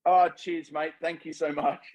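A man, a filmmaker guest, chatting casually and telling animated stories in an interview. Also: on the high side, unhurried, rough recording.

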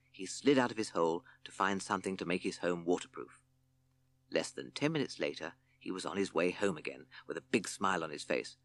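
A man narrating a children's storybook with expressive, playful storytelling. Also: sits low.

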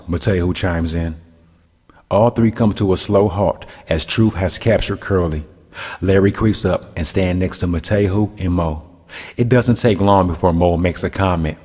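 Male narrator, low husky read, long room echo. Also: steady tone, a little slow, darkish tone. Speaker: storyteller. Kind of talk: storybook narration.

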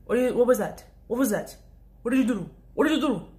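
A woman's voice: fairly high pitch, rapid-fire, dark tone, pitched above the performer's own voice, lightly acted. A woman doing an indignant male shopper. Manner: indignant, repeats himself, demanding. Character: angry middle-aged male store customer.

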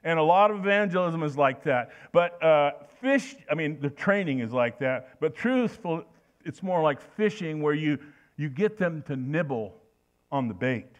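A man's voice: on the high side, animated, normal speed, highs cut off. An older man preaching a sermon in a folksy, anecdotal way, telling stories with frequent restarts.

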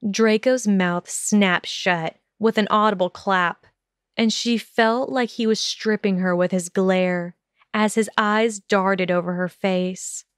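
Slow, smooth-voiced female audiobook narrator, measured and even, dry close-mic read. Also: mid-range voice, dry recording. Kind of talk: scripted narration.

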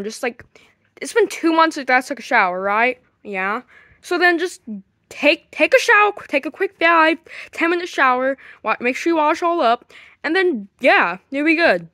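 A man's voice: very high voice, bright, forceful tone, no room sound, clean studio sound, exaggerated voice. A man voicing Mario as a bossy, short-tempered dad in a puppet fan video, scolding and dismissive.

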